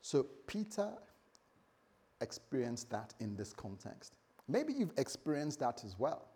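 A man preaching a sermon as pastor, animated, swinging between loud bursts and quiet asides, often acting out the voices of others. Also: medium pitch, measured pace, husky.

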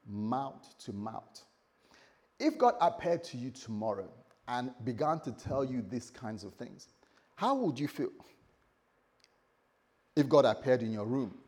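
A man preaching a lively sermon, acting out voices and laughing as he tells the story. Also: medium pitch. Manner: animated storytelling, acts out voices, laughs often. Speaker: pastor.

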